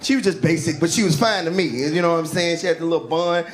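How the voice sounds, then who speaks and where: A male stand-up comedian telling a story on stage, animated and laughing through his lines, into a handheld mic before a live audience. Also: a little high, quick pace. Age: adult, grown since school. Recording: live club with crowd and noise.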